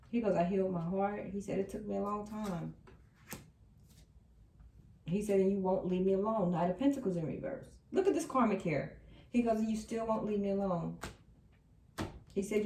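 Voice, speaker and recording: A woman reading tarot cards for her viewers, repeating the messages she channels with emphatic, animated delivery. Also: medium pitch, a little hiss or hum. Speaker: tarot reader. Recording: echoey room, a bit distant from the mic.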